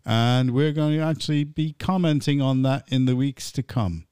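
A man hosting a satirical pub-style podcast chat, bossy and teasing, quick to laugh. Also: mid-range voice, a little mellow, clear, resonant tone, no room sound, clean studio sound. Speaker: podcast host.

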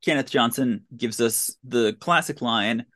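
Podcast host, casual movie recap, sarcastic, incredulous, mid-pitched voice. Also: a little slow, a bit bright. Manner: incredulous, sarcastic running commentary.

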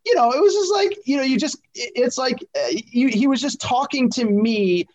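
High-voiced man in rambling sports talk. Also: expressive, moderate pace, a little mellow. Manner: rambling, many fillers and restarts, emphatic. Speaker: sports media podcast co-host. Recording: dull lo-fi audio.

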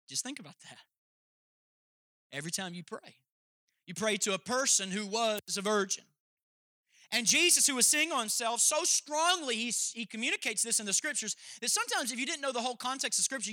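A male pastor delivers a sermon in a high, ringing voice with a forceful edge. He is emphatic and jokey, and he addresses the congregation directly. The sound is close and dry. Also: expressive, a little fast, no room sound.

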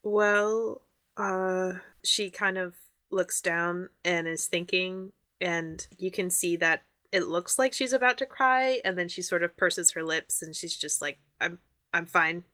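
A woman's voice: lowish voice, steady tone, unhurried, bright, forceful tone, dry recording. A woman describing her character's actions as a tabletop game player, explaining with frequent laughter. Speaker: tabletop role-playing player.

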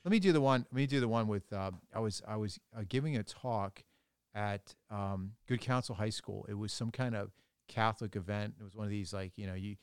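A man's voice: lowish voice, fairly quick, clear, resonant tone, dry recording, clean studio sound. A man, a priest co-hosting a podcast, chatting casually and rambling, often restarting his sentences. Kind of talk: casual chat.

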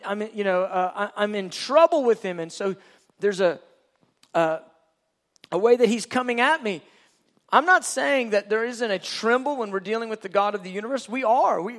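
A man preaching a sermon in an earnest, conversational way, often restarting his sentences. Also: very high-pitched. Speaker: pastor.

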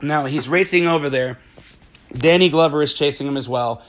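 A man casually retelling a film's plot, excitable and swearing freely, acting out the characters' lines as he goes. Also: a little high, normal speed. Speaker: movie recap host. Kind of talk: casual spoiler-filled movie recap.

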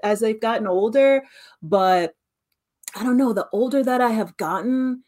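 With a fairly high pitch and a measured pace, a podcast co-host in her late thirties relates stories in casual talk. She's animated, voicing the people she quotes as she goes.

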